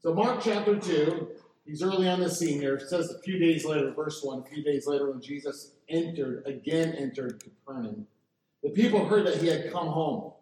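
A man preaching a sermon as pastor, animated and asking the congregation to answer back. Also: a little high. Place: church sanctuary. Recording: echoey hall, mic from a distance.

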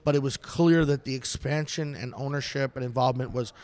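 A middle-aged man from New City, a pastor telling his story in a relaxed, self-deprecating interview chat. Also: mid-range voice, a little fast. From New York City. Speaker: guest pastor and ministry director.

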